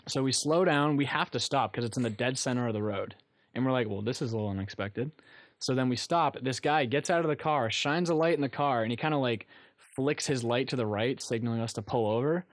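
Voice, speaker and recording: A man's voice: medium pitch, a little fast, dry recording. A young man telling a rambling story on a casual talk show, often laughing at his own tale. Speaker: guest storyteller.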